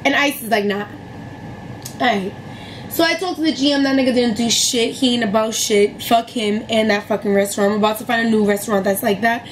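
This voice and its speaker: Young woman, high voice, casual storytime rant, profane and heated, light room hum. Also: fast, poor audio. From New York City area. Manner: profane, heated, animated retelling. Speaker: vlogger telling a story.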